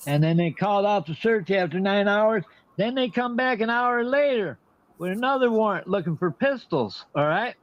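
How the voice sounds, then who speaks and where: Brash, profane older man, high voice. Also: animated, moderate pace, lo-fi sound. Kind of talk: casual chat.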